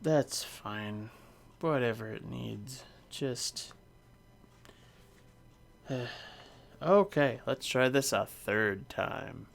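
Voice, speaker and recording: Slow, gravelly male game master, hesitant and filler-heavy over voice chat. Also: mid-range voice, lively intonation. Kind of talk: describing a tabletop game scene.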